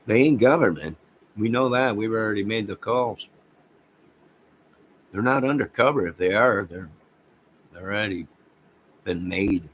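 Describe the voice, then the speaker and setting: A man's voice: low-pitched, normal speed, a bit bright, a little hiss or hum, poor audio. A man hosting a casual livestream, rambling and talking straight to his viewers. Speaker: livestream host.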